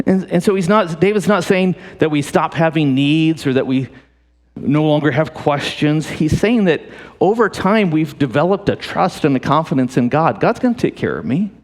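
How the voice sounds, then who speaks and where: A man preaching in a church sanctuary, his fairly high voice trailing off into a long hall reverb. He talks in an animated, joking way, repeating and restarting phrases as he goes. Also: moderate pace. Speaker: pastor. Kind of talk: sermon.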